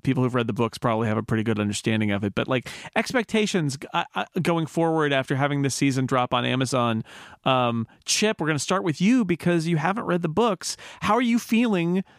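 A man's voice: mid-range voice, fairly quick, smooth, no room sound, clean studio sound. A man hosting a podcast in casual chat, enthusiastic and full of fillers and restarts. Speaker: podcast host.

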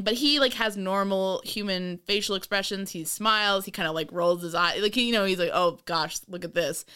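A woman with a bright, somewhat low voice chats eagerly about an old TV series in a podcast conversation. She talks freely, piling on asides as she goes. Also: clean tone. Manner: chatty and enthusiastic, with frequent fillers and restarts. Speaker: podcast co-host. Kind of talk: casual chat about an old TV show.

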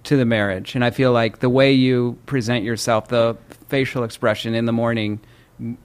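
A cheerful man in his late thirties, from the Midwest, talks in a relaxed, chatty way. His voice sits at an ordinary middle pitch, and he laughs easily as he talks. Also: moderate pace, clear, resonant tone. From American Midwest. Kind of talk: casual chat.

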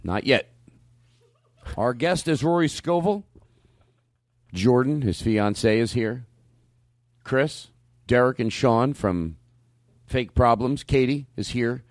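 A man's voice: medium pitch, animated, takes it slowly, long pauses, no room sound, clean studio sound. A man hosting a comedy show, brash and cursing in loose, stop-start banter. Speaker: comedy podcast host.

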